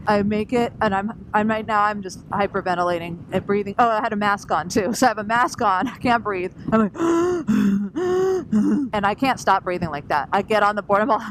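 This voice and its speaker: A woman vlogs while riding her scooter on the open road, telling a casual story with lots of energy, acting out what people said and laughing often. Her voice sits at a medium pitch, and wind and engine noise fill the recording.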